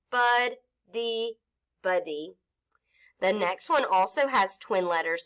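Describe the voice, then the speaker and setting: A woman's voice: medium pitch, sharp tone. A woman teaching an early-grade phonics lesson, patiently sounding out letters and syllables for young children.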